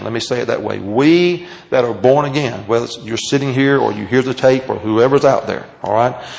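A man's voice: mid-range voice, creaky, low-quality recording. A man preaching and teaching a Bible class, stretching out key phrases for emphasis and asking his listeners questions. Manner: emphatic, drawn-out phrases, asks the audience questions. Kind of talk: sermon. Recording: taped sermon.

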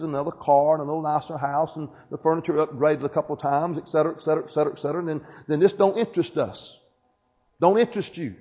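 A man's voice: on the high side, darkish tone, breathy edge. A man preaching a sermon, calling out to the congregation with repeated questions and amens. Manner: call-and-response preaching with repeated "Amen?". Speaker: pastor. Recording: dull lo-fi church recording.

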